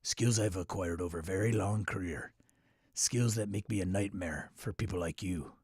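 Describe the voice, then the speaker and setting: A man putting on the low, deliberate voice of a menacing male action-movie hero, in an impression on a casual livestream. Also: darkish tone, husky, no room sound, clean studio sound. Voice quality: low, slow and deliberate delivery.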